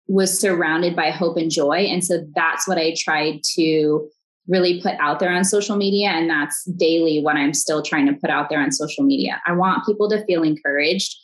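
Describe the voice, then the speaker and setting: A woman in her thirties, a podcast guest, talking earnestly and warmly upbeat in a conversational interview, often restarting her sentences. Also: lowish voice, rough recording.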